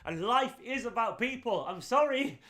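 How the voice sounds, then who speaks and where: High, bright-voiced young man. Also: lively intonation, moderate pace. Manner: gushing, heartfelt, rambling. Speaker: fan channel host. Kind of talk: emotional live stream chat.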